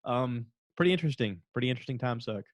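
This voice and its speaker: Guy rambling on his own podcast, average pitch, super dry close mic, jumps into high silly voices quoting folks. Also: expressive, fast, no room sound. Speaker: podcast host. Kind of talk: casual solo podcast chat.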